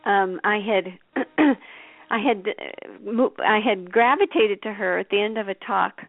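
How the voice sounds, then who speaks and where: A woman's voice: mid-range voice, a little slow, creaky, no room sound. A woman telling stories as a guest in a radio interview, chatty and anecdotal. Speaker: intuitive reader, guest. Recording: dry, tinny phone line.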